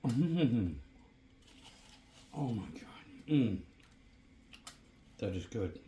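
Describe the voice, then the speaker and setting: A DIY channel host films a casual home cooking vlog on his phone camera in a home kitchen by a woodstove, chatting relaxedly and murmuring, even apologizing, as he savors the food. His mid-range voice moves very slowly, and the audio has the highs cut off plus a little hiss or hum.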